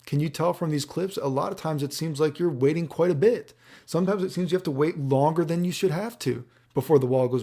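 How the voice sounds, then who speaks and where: A man's voice: medium pitch, gravelly, dark tone, slightly rough. A man giving casual commentary over gameplay footage, rambling, swearing and checking in with the viewer. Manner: rambling, profane, keeps checking in with "right?". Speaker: fighting game commentator.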